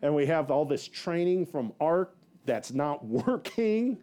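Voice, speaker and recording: Guy pastor preaching, rambly storytelling, lots of you knows, jumps way up when acting stuff out. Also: takes it slowly. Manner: animated, acts out quotes with big pitch jumps; rambling with many fillers and self-laughs. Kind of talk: sermon storytelling.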